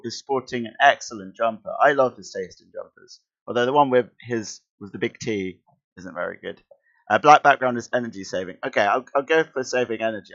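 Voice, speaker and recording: A man's voice: mid-range voice, a bit bright, lo-fi sound. Chatty man reading comics aloud. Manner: chatty, self-interrupting, amused asides. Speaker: streamer and schoolteacher. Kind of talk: casual comic read-along commentary.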